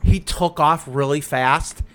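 Animated man telling stories. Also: a little high, slow pace. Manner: animated storytelling, swearing, acts out quotes loudly. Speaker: podcast co-host. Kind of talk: casual chat.

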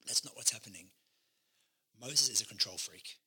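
A man who is a pastor co-hosting a leadership podcast, teaching with lively acted-out quotes. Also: on the low side, moderate pace, slightly rough. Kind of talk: casual ministry podcast chat.

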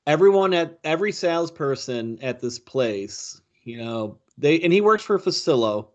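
A man's voice: on the high side, lively intonation, normal speed. Laid back dad guy chatting, average voice, muffled recording. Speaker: podcast co-host. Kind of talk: casual chat.

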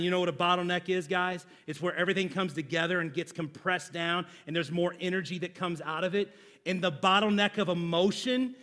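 With a high, ringing voice, this pastor in his forties addresses his congregation head-on, drawing call and response from them. His delivery moves between loud, insistent emphasis and quiet, hushed asides.

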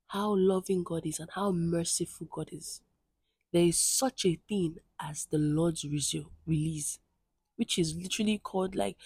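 Woman devotional reader, low husky voice, close dry mic, earnest scripture reading. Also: dark tone, dry recording. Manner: earnest, conversational asides between readings.

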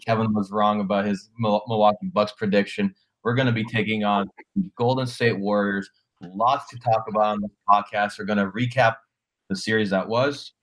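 A man from Canada hosting a casual basketball podcast, his voice sitting a bit low. He jokes easily and now and then trips over his words. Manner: relaxed, joking, stumbles over words. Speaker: podcast host. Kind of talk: casual sports podcast chat.

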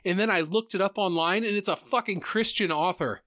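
Bright, animated man swearing through a story. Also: high voice, brisk, no echo, clean studio sound. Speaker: podcast co-host. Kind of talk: casual chat.

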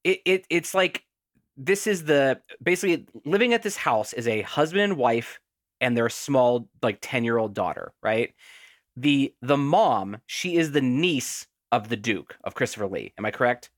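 A podcast co-host recapping a film in casual chat, talking in long, rambling runs packed with fillers. the pitch jumps all over the place, sitting at a middle height. the recording is dry and close, with no room sound. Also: moderate pace, dry recording. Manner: animated, rambling with many fillers. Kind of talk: casual movie discussion.

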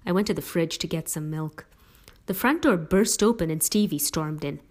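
A woman narrating a first-person story in a low-key, even way. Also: moderate pace.

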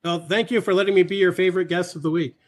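A man's voice: sits high, steady tone, fast. A man appearing as a podcast guest while fighting a cold, talking in a friendly, self-deprecating way. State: has a head cold. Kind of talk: casual podcast chat.

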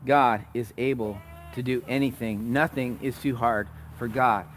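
A man preaching a sermon as pastor, conversational, rising to loud emphatic peaks and dropping to soft low asides. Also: steady tone, unhurried, a little hiss or hum.

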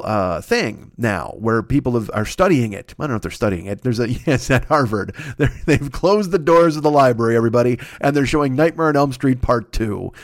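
A man's voice: medium pitch, no echo, studio quality. A man hosting a podcast, in a rambling, profane comedic monologue that trips over itself and keeps swearing. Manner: rambling, self-interrupting, swears constantly. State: recovering from a cold. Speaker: podcast host.

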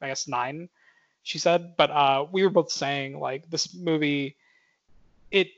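A man's voice: on the high side, steady tone, takes it slowly, fairly bright tone. A young man co-hosting a casual movie podcast, rambling with lots of fillers and laughing often. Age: young adult. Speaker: podcast co-host. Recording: muffled lo-fi audio.

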